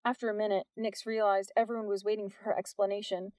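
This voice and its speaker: A woman reading a novel aloud as the narrator, telling it at a steady storytelling pace. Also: medium pitch, fast, no echo.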